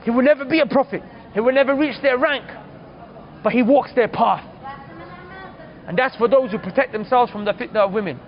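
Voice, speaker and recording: A man's voice: very high-pitched, a little fast, long pauses, dull audio, a faint crowd. A man preaching, telling a story earnestly and calling his listeners brothers. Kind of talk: storytelling sermon.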